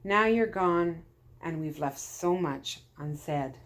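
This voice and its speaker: A woman voicing a wistful, well-dressed lady who speaks softly and hesitantly. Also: a little high, lively intonation, unhurried, pitched above the performer's own voice.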